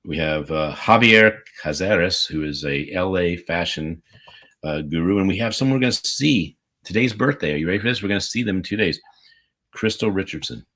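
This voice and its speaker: A man co-hosting a casual livestream over a video call, reading out birthday shout-outs in an enthusiastic, rambling way. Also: low voice, animated, a little fast. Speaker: podcast co-host.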